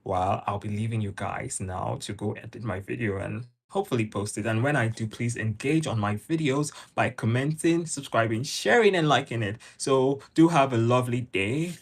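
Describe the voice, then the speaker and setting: A man's voice: medium pitch, moderate pace, hardly any pauses, slightly rough. A young man with a Nigerian accent, chatting casually with viewers on his channel. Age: young adult. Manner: chatty, answers viewers' comments. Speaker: YouTuber. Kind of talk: casual livestream chat.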